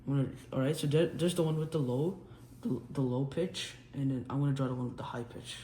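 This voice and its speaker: A young man gives a casual whiteboard physics explanation, drawing while he talks and frequently correcting himself mid-sentence. His voice is mid-range and mellow, with fairly even intonation and a fast pace. The recording is roomy with faint background noise.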